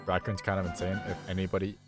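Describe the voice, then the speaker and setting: A young man with a low, deep voice talks through his game live at a desk mic, loose and rambling. He thinks out loud and pokes fun at his own mistakes. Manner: rambling, self-deprecating, thinking aloud. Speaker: streamer playing a video game. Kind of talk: casual live gameplay commentary. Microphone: desk microphone.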